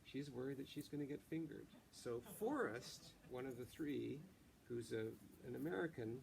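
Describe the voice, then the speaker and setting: A man, the author, chatting haltingly about his novel and then reading passages aloud. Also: medium pitch, animated, creaky, darkish tone, slight background noise. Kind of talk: book reading and chat.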